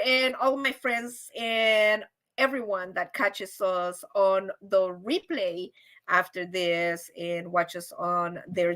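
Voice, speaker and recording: A woman hosting a casual livestream, chatty and animated, often asking "right?" and acting out quoted voices. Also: fairly high pitch. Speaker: livestream host.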